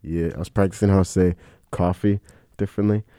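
A man's voice: deep voice, fairly even intonation, fairly quick, warm tone, no room sound, clean studio sound. A young man co-hosting a podcast in casual chat, laughing often and calling his friend bro. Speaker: podcast co-host.

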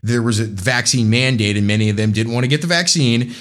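A man's voice: medium pitch, brisk, fairly bright tone. An American man hosting a podcast, talking in an impassioned, urging way about current events. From United States. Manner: impassioned, urging listeners to act. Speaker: podcast host. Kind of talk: political commentary podcast.

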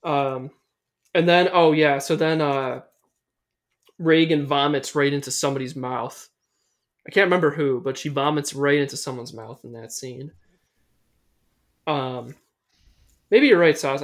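A man's voice: fairly high pitch, normal speed, pauses often. A young man casually recapping a horror film on a podcast, rambling and swearing, with lots of fillers. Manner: loose and rambling, swears a lot, many fillers. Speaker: podcast host. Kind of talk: casual movie recap chat.

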